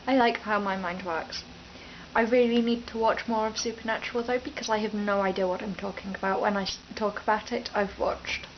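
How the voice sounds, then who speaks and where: A young vlogger from England's East Midlands chats unscripted to her camera at home, rambling and often cutting herself off mid-sentence. Her fairly high voice is captured by the camera mic with lo-fi sound and slight background noise.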